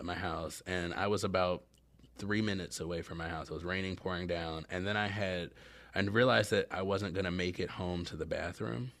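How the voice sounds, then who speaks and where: Man, podcast host, very low voice, casual solo chat, candid, rambling, self-mocking. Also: a bit bright.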